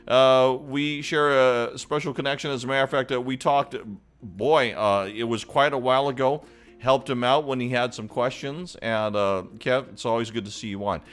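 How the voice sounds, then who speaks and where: A man's voice: medium pitch, fairly bright tone. A man hosting a casual live entertainment stream, upbeat and chatty as he greets viewers by name. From Hawaii.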